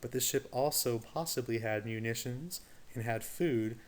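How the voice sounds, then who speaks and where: A man's voice: mid-range voice, normal speed. A man giving a recorded history lecture in a conversational way, asking his students rhetorical questions. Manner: conversational, explains with rhetorical questions and casual asides. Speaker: teacher.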